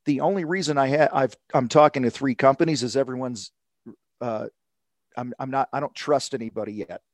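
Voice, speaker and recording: A man telling a sales story in casual podcast talk, acting out the people he quotes with lively energy. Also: medium pitch, fairly quick, dry recording. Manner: animated storytelling, acts out quotes. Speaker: sales coach guest.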